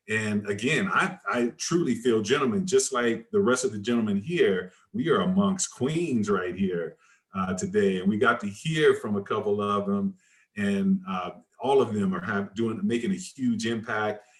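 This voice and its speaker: A man's voice: fairly low pitch, reverberant. A man hosting an online book launch, easygoing and informal, often stumbling over and repeating his words. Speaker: event host.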